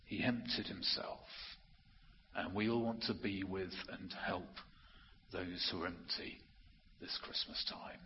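A man preaching an earnest, emphatic sermon, slowing down to stress key phrases. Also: deep voice, steady tone, slight background noise. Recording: muffled audio with long hall reverb.

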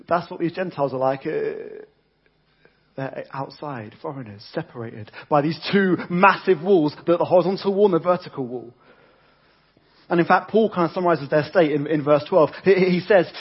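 A man's voice: on the high side, moderate pace, breathy edge, lo-fi sound. A man preaching a conversational sermon with frequent restarts and repeated words.

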